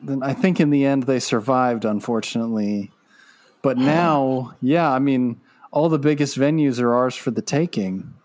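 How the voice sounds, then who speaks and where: A man of ordinary pitch makes dry, deadpan quips in relaxed podcast banter. He plays absurd jokes perfectly straight. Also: moderate pace. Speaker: podcast co-host. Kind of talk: casual comedic chat.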